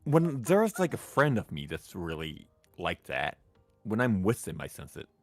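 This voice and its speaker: Very deep, lively-pitched man. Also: dry recording, soft background music. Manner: halting, restarts, relaxed. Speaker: guest streamer. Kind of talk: casual drinking chat on stream.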